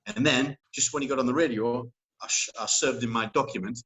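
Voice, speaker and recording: A man's voice: medium pitch, fairly quick, a bit bright, poor audio. A man speaking as an interview guest. He talks in casual chat, rambling and emphatic, with many fillers and restarts.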